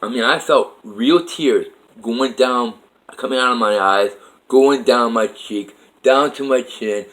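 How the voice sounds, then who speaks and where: A man's voice: mid-range voice, unhurried, fairly bright tone, poor audio. A man vlogging about his life in a meandering, earnest monologue with frequent swearing. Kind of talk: rambling personal monologue.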